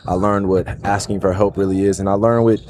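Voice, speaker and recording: A livestream host in his thirties with a New Jersey accent speaks in a lowish voice. He talks to his viewers in an earnest, reflective monologue and keeps checking in with "right?". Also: flat delivery, a little fast, a crowd in the background. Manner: earnest, repeats "right?" and "you know".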